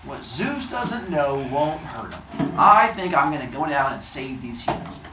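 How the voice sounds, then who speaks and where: A man's voice: a little high, big pitch swings, measured pace, roomy sound, distant mic, noisy background. A man voicing a clever, kindly male titan, talking playfully and casually in a myth retelling.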